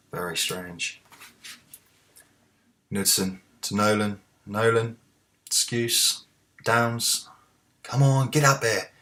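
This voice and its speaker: A man commentating live on a football management game, muttering to himself and then shouting at the players. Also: fairly low pitch. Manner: talks to the players, swings from muttering to excited shouts. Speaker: let's play host.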